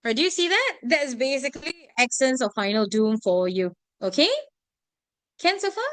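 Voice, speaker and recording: A woman's voice: high voice, very animated, normal speed, fairly bright tone, no room sound. A young woman teaching an English vocabulary lesson to a class, often checking whether students follow. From Singapore. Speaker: English tutor.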